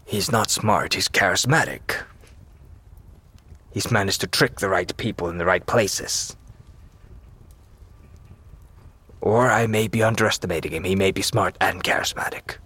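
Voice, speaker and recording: A man playing a blunt, husky older brother. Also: deep voice, moderate pace, sharp tone, exaggerated voice. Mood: skeptical. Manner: blunt, commanding. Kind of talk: in-character tabletop role-play.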